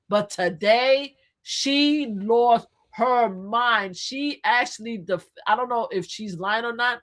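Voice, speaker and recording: A woman co-hosting a live news talk stream in casual chat, animated and excitable, often restarting her sentences. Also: fairly high pitch, unhurried. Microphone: streaming setup.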